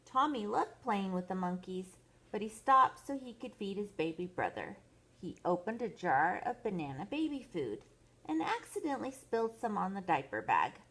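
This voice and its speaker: An older woman, a grandmother, reading a bedtime story aloud to children in a gentle, expressive way. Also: medium pitch, normal speed, slightly rough.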